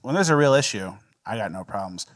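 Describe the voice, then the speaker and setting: A man's voice: fairly low pitch, animated, quick pace, dry recording, clean studio sound. A young man co-hosting a podcast, telling stories in a laid-back casual chat and laughing often. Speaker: podcast co-host.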